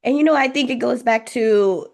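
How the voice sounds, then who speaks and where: A woman hosting a podcast interview, asking thoughtful questions in a steady manner. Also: on the high side, moderate pace. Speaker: podcast host.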